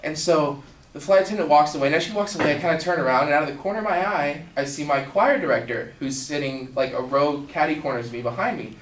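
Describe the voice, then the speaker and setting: A young man telling a personal story in a casual, animated way, full of fillers. He is heard through a distant mic in a storytelling event room. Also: on the high side, fast talker. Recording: echoey room, distant mic, faint ambience.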